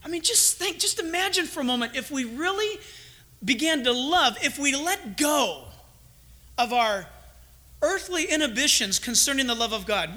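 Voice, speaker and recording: A man delivering a sermon in a very high, piercingly bright voice. He talks animatedly, acting out short imagined conversations between believers as he makes his points. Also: normal speed. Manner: animated, acts out little quoted exchanges. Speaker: pastor.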